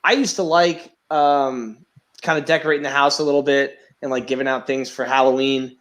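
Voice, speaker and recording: A man's voice: medium pitch, steady tone, a little fast, a bit bright. A young man hosting a podcast in casual, profane chat, rambling and sarcastic. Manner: rambling, sarcastic, swears a lot. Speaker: podcast host.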